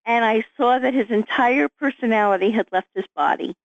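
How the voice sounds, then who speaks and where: A middle-aged woman, an author guest, telling her story in an animated, vivid way. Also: on the high side, moderate pace, dry recording. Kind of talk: storytelling interview. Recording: dull lo-fi sound, dry.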